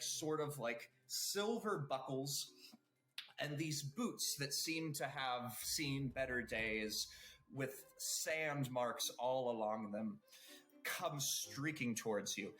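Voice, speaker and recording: A man's voice: medium pitch, a bit bright. A man narrating a tabletop roleplaying game as game master, describing scenes with fillers.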